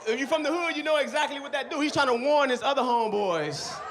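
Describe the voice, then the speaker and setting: A middle-aged man doing a stand-up comedy set on a club stage, with loud, animated storytelling and constant swearing. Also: very high-pitched, fast, background noise.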